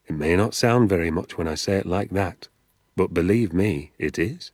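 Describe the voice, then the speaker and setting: A man doing a secretive, eager father in an audiobook, his voice deep and husky as he leans in to share a family secret. He speaks in a hushed, confiding way and often sinks into a whisper. The sound is close and dry. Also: normal speed, dry recording. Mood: conspiratorial. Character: secretive, enthusiastic middle-aged father. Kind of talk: audiobook character voice.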